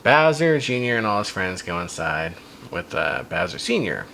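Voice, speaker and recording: A man reading a silly fan story aloud for a comedy podcast, with deadpan asides on its plot. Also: lowish voice, normal speed, creaky, a little hiss or hum, rough recording. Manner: amused, reads dialogue in a flat deadpan with asides.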